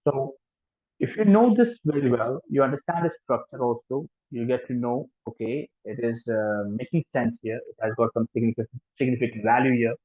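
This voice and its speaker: A man's voice: medium pitch, fairly quick, no room sound. A man with an Indian English accent gives an informal lecture as a French language teacher, hesitant, with many fillers and restarts. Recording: tinny phone-like sound, dry.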